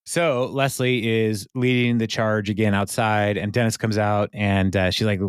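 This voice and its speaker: A man's voice: on the low side, fairly even intonation, normal speed, clear, resonant tone, dry recording, studio quality. Laughing, rambling man recapping episodes. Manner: rambling, laughs often, with many fillers. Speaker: podcast co-host. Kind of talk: casual chat recapping an episode.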